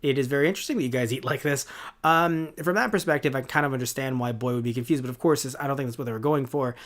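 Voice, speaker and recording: Talking fast in a medium-pitched, slightly bright voice, a man in his twenties hosts a podcast and offers an offhand review. He rambles sarcastically, leaning on fillers and repeatedly restarting or correcting what he says.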